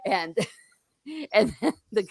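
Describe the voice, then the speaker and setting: Speaking extremely slowly, a middle-aged podcast host has a medium-pitched, gravelly voice with a breathy edge, captured in a clean studio with no room sound. In casual chat she animatedly retells movie scenes, laughs often, and acts out lines.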